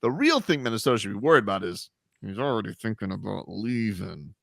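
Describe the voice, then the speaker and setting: A man's voice: on the low side, very animated, a little fast, gravelly, no room sound, studio quality. A man hosting a sports radio show, teasing his co-hosts and joking in casual banter. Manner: playful, teasing, puts on goofy voices.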